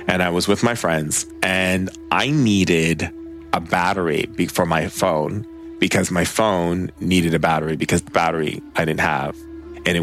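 A man with a low, fairly bright voice tells stories as a spiritual teacher, in a casual, rambling, conversational talk packed with filler words.

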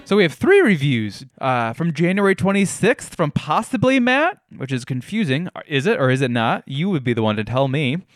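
A man's voice: a little high, sing-song, moderate pace, few pauses, dry recording, studio quality, soft background music. A young man hosting a casual solo podcast from his living room, telling stories in a wry, self-deprecating way. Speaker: podcast host.

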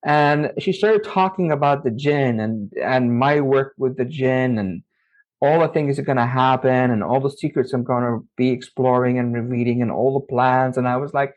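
A middle-aged man from Saudi Arabia, a podcast guest telling stories from his youth in an animated way. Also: medium pitch, moderate pace. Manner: animated, acts out his own past dialogue. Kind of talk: interview storytelling. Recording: slightly muffled audio.

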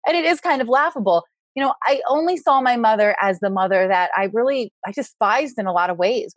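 Loud, animated woman, bright high voice. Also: dry recording. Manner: loud, animated, laughs often. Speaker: podcast guest. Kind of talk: candid conversational interview.

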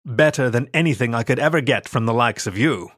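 A man's voice: medium pitch, a little fast, a bit bright, no room sound, clean studio sound, close to an everyday voice. Brief: sneering young vicar in a storybook, a man reading him, mid voice, grumbling and dismissive.

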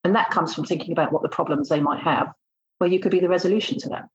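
Blunt woman recruiter, lowish voice, dull lo-fi recording. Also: fairly even intonation, quick pace, a little mellow, slight background noise. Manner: blunt, emphatic, acts out exchanges. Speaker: recruitment consultant. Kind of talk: casual interview talk.

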